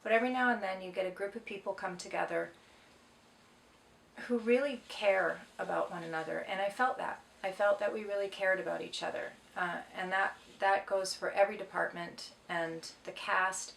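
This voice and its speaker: A woman's voice: mid-range voice, steady tone, normal speed, creaky, a bit bright, a little hiss or hum. A middle-aged woman from Canada, an actress reading fan questions aloud and answering them in a playful, joking way. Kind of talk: casual self-recorded Q&A, reading questions aloud. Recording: echoey room, far from mic.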